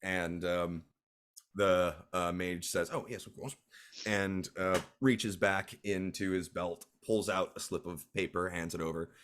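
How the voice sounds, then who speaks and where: A man's voice: low voice, little pitch movement, takes it slowly, a bit bright, smooth. A man narrating a tabletop game as game master, with a hesitant delivery full of fillers.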